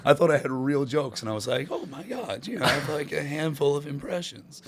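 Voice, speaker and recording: A man's voice: fairly high pitch, fairly quick, a crowd in the background. A man, a stand-up comedian telling stories in a casual podcast chat, laid-back and full of slang, laughing often. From Rhode Island.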